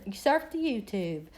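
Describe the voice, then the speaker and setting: A woman's voice: mid-range voice, a little mellow. A middle-aged woman, chatting casually and rambling with viewers on her live stream.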